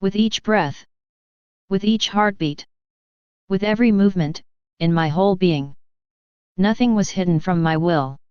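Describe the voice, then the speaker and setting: A woman reading the lines of Jesus as a gentle, loving divine speaker, slow and solemn, in a devotional reading. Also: on the low side, clean tone, dry recording, close to an everyday voice. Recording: dull lo-fi dry recording.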